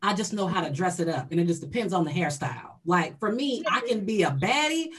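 A woman's voice: fairly low pitch, animated, a little fast, a bit bright. A woman co-hosting a podcast, talking candidly and bluntly with plenty of jokes in casual chat. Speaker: podcast co-host.

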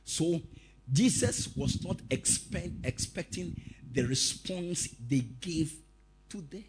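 Man preaching slow with a big swinging pitch, husky rough voice, shouting and laughing through his story. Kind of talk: sermon.

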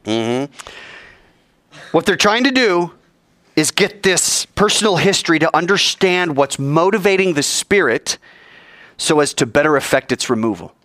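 A man delivers a sermon in a lively, animated voice whose pitch swings widely. He jokes and acts out scenes, and his voice is recorded close and dry. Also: a little slow, dry recording. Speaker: preacher.

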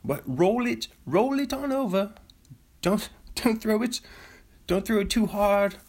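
Man putting on a high fussy toff voice, squeaky falsetto, dainty, fretful, posh gentleman player. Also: animated, measured pace, husky, exaggerated voice. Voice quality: shrill, fussy put-on upper-class voice. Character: prissy, posh gentleman ballplayer in a top hat.

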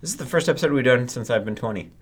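A young man in his twenties co-hosting a casual podcast. He reacts loudly, swears in shock, and teases his co-host. His pitch swings widely as he talks. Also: lively intonation, racing, slightly rough. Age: 20s. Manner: swears a lot, exclaims, teasing. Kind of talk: casual chat.

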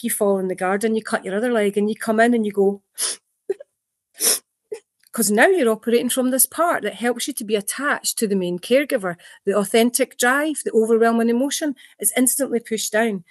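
A trauma therapist speaks in a fairly high, fairly quick voice, explaining at length in an interview. She tells animated stories, acts out quotes, and restarts often. The studio-quality audio has no echo.

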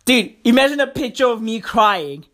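A woman's voice: fairly high pitch, animated, normal speed, a bit bright. A woman hosting her podcast alone, ranting with heavy swearing, sarcasm and a lot of repetition. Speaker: podcast host. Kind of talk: casual solo podcast rant.

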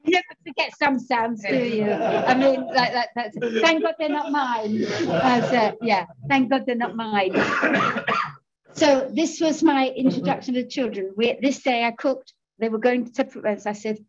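A middle-aged woman gives her recovery testimony in a slightly high, unhurried voice captured with lo-fi sound. She's candid and pokes fun at herself, laughing often as she talks.

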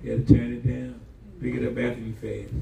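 A man's voice: medium pitch, flat delivery, fairly quick, vocal fry, mellow. A man preaching as a pastor, telling stories with humor, folksy phrasing and call-and-response. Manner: folksy, uses "y'all". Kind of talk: sermon. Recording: echoey room, voice from a distance, audible background noise.

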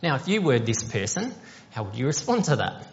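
A man's voice: mid-range voice, big pitch swings, a little fast. A man preaching a sermon, explaining a parable conversationally and asking the congregation questions. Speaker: pastor. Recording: dull sound with long hall reverb.

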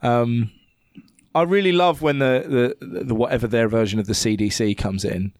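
A man co-hosting a casual film chat, animated and swearing freely. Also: medium pitch, moderate pace, no room sound, studio quality.

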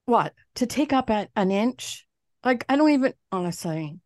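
Woman podcast co-host, lively storyteller who does the other voices, close and dry. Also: fairly high pitch, normal speed, dry recording. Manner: animated storyteller, swears, mimics others. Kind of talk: casual chat.

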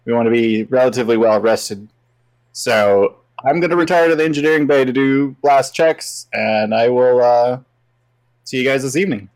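A man playing a tabletop game who speaks in a plain, deadpan way while playing his character. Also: mid-range voice, normal speed, poor audio. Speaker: player. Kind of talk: casual tabletop game play.

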